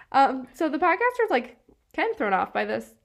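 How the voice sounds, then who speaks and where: A true-crime podcast co-host from northeastern Pennsylvania chats casually, her high, gravelly voice very animated at a moderate pace. She uses lots of fillers and laughs often.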